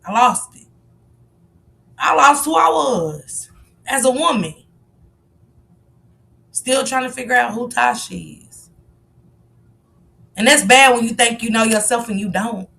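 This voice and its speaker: A woman's voice: on the high side, animated, measured pace, vocal fry, pauses often, bright, forceful tone. A woman hosting a live stream in casual chat, speaking candidly and confessionally, swearing freely as she greets and answers her viewers. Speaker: livestream host.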